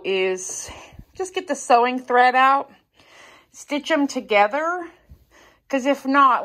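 Chatty, rambling woman vlogging from home. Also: fairly high pitch. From United States. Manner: chatty, rambling, talks to her cats in a soft baby voice. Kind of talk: casual day-in-the-life vlog.

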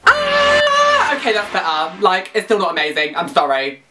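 A young man, talking in a casual vlog, excitable, self-mocking and swearing constantly. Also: a little high, a little fast, heavy background noise. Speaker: vlogger.

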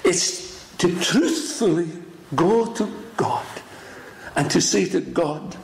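A man preaching a sermon, swinging from high exclaiming cries down to hushed whispers. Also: animated, slow pace, gravelly, echoey room, a little hiss or hum, rough recording. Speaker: pastor. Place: church.

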